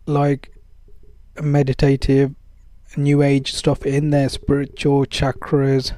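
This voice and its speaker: A man's voice: medium pitch, completely flat delivery, slow pace, dark tone, no room sound. A man giving casual spoken advice in a loose, conversational way, full of fillers and acted-out dialogue.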